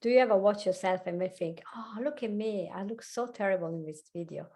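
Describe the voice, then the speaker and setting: A woman with an Italian accent, a hypnotherapist and life coach, talking fast and laughing often as a guest on a video-call chat. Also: mid-range voice, darkish tone. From Italy. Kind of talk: casual chat.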